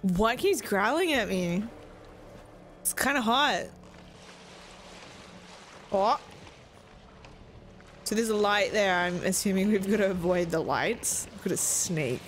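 Animated swearing woman gamer. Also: mid-range voice, slow pace, long pauses, soft background music. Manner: swears a lot, laughs often, jokes. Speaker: streamer playing a video game. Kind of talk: live gameplay commentary.

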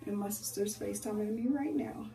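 A young woman, a beauty vlogger, chatting casually with viewers in an animated way as she tells a personal story during a hair routine at home. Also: medium pitch, a little fast, vocal fry, far from the mic. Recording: echoey room, away from the mic.

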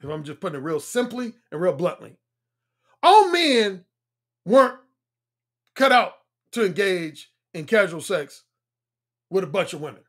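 A man in his fifties, a dating coach talking bluntly on a livestream, repeating his points and swinging between a high throaty tone and a deep resonant one. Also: big pitch swings, unhurried, pauses often, a bit bright. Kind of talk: livestream talk.

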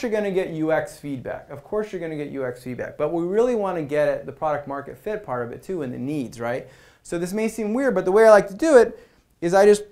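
A man with a slightly higher voice gives a relaxed, conversational talk to a meetup crowd. He keeps it informal, acts out little user exchanges and tosses in "right?" to check with the room. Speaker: speaker at a product meetup. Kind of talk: conference talk. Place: meetup venue.

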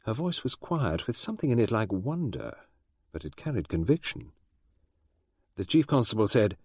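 A man narrating a mystery audiobook in a measured, dramatic storytelling manner. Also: fairly low pitch, very animated, a little mellow, slightly rough, no echo, clean studio sound. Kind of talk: scripted narration.

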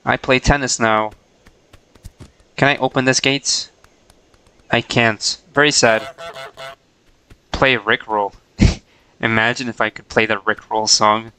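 A man's voice: medium pitch, steady tone, slow, long pauses, pushed and bright, clean tone, poor audio. A man casually chatting to himself while streaming a game, playful and chuckling.

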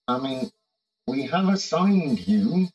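A man's voice: a little high, very animated, slow pace, darkish tone, highs cut off. A man casually commenting on a management game, thinking aloud with hums and fillers and reading the game's text aloud. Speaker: game streamer.

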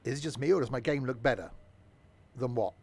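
A man's voice: mid-range voice, a little fast, a little mellow. A man joking and rambling to himself while streaming a train game. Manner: rambling, jokey, mutters to himself. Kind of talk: casual gameplay commentary.

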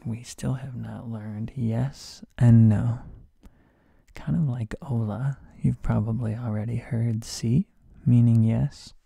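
Man in a slow, gravelly whispered role-play. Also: mid-range voice, no room sound. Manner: soft, sleepy, with deadpan joke mispronunciations. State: hoarse from a sore throat. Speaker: streamer playing a Spanish teacher.

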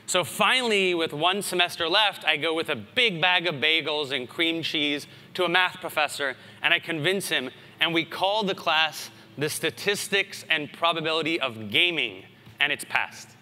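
A man in his thirties, from the United States, giving a conference keynote in an animated storytelling way with asides. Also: fairly high pitch, moderate pace. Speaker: conference speaker. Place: large conference hall. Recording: hall reverb.

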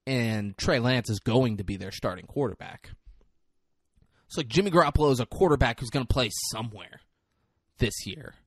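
A man's voice: medium pitch, no echo, studio quality. A man hosting a comedy podcast, ranting in a casual, profane, jokey way. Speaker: podcast host.

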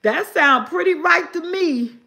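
High-voiced chatty woman. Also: expressive, gravelly, pushed and bright. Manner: laughs often, repeats questions slowly, chatty. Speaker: vlogger reading live chat riddles. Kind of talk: casual live-stream chat.

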